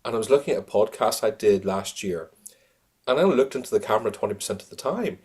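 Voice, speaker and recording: A man being interviewed on a podcast as a sales coach. He talks in an animated way and laughs often. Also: lowish voice, quick pace, husky.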